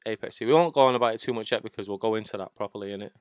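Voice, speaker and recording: Smooth-voiced man co-hosting a stream. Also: lowish voice, very fast, dry recording, studio quality. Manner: banter, swearing, laughs loudly. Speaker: co-host. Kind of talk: casual livestream chat.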